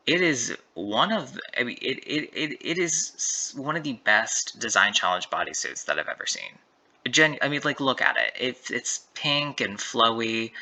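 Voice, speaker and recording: Male recap commentator, low voice with a sharp bright edge, chatty and rambling, constant self-corrections. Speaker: drag race recap commentator. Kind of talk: casual solo commentary.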